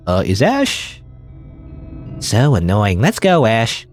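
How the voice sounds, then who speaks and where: A man giving let's play commentary with a lively, expressive voice that rises and falls constantly. He sounds amused by the game, with faint music playing underneath. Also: on the low side, slow. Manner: animated and amused. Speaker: gaming video host.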